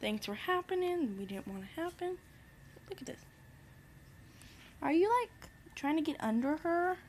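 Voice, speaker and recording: A woman's voice: high-pitched, big pitch swings, normal speed, slight background noise. Chatty young woman vlogging with pets. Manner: chatty, rambling, coos at her pets. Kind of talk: casual daily vlog with pets. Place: bedroom at home.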